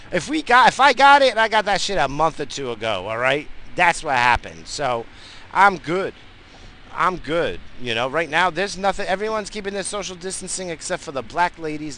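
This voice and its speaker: Brief: New guy, dad, heated swear-heavy car rant, forceful bright tone, faint road hum. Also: medium pitch, low-quality recording. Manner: profane, blunt, heated. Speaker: father vlogging while driving. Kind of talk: rambling casual rant. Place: in a moving car.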